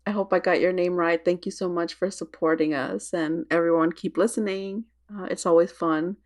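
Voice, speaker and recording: A woman co-hosting a podcast in casual chat. She sounds relaxed and chatty and laughs easily. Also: on the low side, normal speed. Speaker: podcast co-host.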